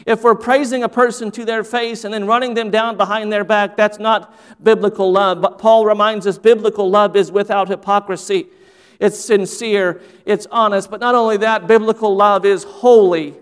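Guy preaching in church, really high smooth voice, big echoey hall. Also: steady tone, normal speed. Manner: earnest preaching with repeated phrases. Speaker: pastor. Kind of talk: sermon. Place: church sanctuary. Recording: long hall reverb.

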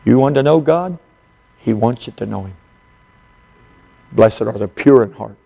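A man preaching a sermon in an unhurried, folksy storytelling way, with frequent pauses and fillers. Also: medium pitch, lively intonation, gravelly, mellow, husky.

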